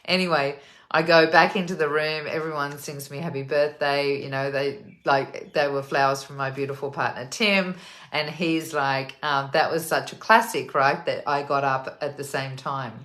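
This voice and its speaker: A woman hosting a casual talk, telling a personal story in a chatty, animated way with many fillers. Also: sits low, moderate pace. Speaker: host.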